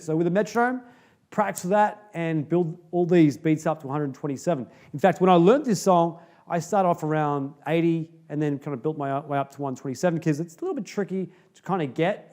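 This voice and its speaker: A man's voice: on the high side, darkish tone. Chatty man teaching drums. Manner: upbeat, chatty, with fillers like "kinda" and "okay?". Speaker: drum teacher. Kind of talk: casual video lesson.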